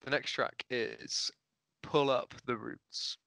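Thoughtful man with a bright, smooth voice. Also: mid-range voice, fairly even intonation, slow, no echo, rough recording. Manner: hesitant, restarts and fillers, thoughtful. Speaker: podcast co-host. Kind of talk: casual music discussion. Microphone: video call mic.

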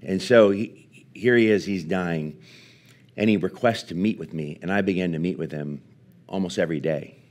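A man preaching at a live church service, telling a personal story in an earnest, halting way with many restarts. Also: sits low, darkish tone. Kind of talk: sermon storytelling.

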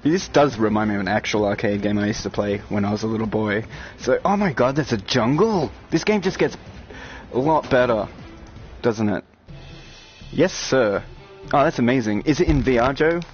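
Man, excitable VR streamer, lively swinging pitch, loud outbursts, dull lo-fi audio with game music and gunfire. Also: moderate pace. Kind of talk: excited live-stream gameplay commentary.

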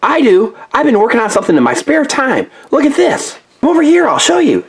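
A clever little inventor pup, played by a man in a toy story. He talks high and husky, bouncing all over his range with eager insistence. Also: a little fast, full character voice. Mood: excited. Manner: excited, insistent. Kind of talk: toy play-along story voice.

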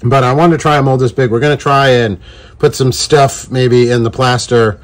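Steady in tone and speaking at a normal speed, this mid-range male voice belongs to the host of a casual fishing-lure tutorial. His manner is playful and jokey, full of silly puns.

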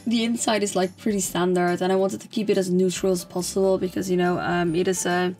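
A woman's voice: on the low side, level tone, fairly quick, a little mellow, soft background music. Chatty young woman with a strained voice. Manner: rambling, chatty, with many fillers and restarts. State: slightly strained, fading voice. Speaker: gaming channel host. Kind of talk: casual voice-over narration of a game build.

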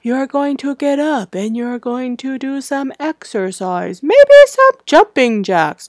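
A middle-aged woman teacher giving a slow, sing-song lesson to young children, spelling words out letter by letter. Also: fairly high pitch, dry recording, studio quality.

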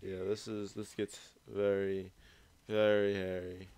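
A man's voice: lowish voice, little pitch movement, slow pace, a little mellow, clean tone. A young man giving loose, profane commentary over his gameplay footage, rambling and easygoing. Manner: laid-back, rambling, heavy swearing. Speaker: gaming YouTuber.

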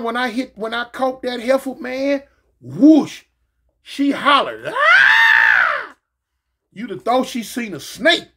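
A man casually telling a story from his past, slangy and animated, jumping in pitch and making sound effects as he goes. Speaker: storyteller recounting his prison days.

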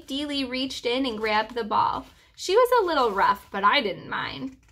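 A preschool teacher reading a chapter book aloud to children in a gentle, reassuring storyteller's manner. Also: female voice, a little high, expressive, a little slow, few pauses.

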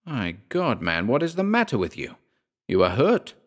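A man voicing a hearty, jovial young male friend in a horror audiobook, bluff and brisk in manner. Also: medium pitch, wildly swooping pitch, pitched above the performer's own voice. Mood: alarmed.

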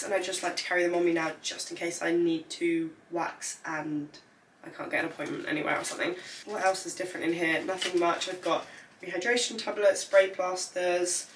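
Bright-voiced chatty young woman. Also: fairly low pitch, distant mic, slight background noise. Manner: chatty, rambling, lots of "like" fillers. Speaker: vlogger. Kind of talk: casual packing vlog chat.

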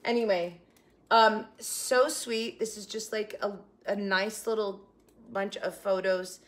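An older woman talking through a crafting tutorial in a middle-pitched voice. She is chatty and tender, holding back tears as she goes. Her voice often drops into quiet, trailing asides. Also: fairly even intonation, takes it slowly. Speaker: craft vlogger.

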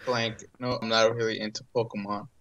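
A man's voice: on the low side, flat delivery, fairly quick, fairly bright tone, lo-fi sound. A man musing casually while playing a card game with friends. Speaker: game night player. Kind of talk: casual chat.

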